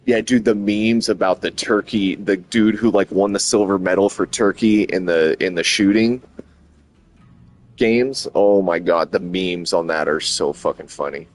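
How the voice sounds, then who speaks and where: A man streaming and chatting casually, rambling and swearing a lot as he gets excited. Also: low-pitched, a little slow. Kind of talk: casual chat.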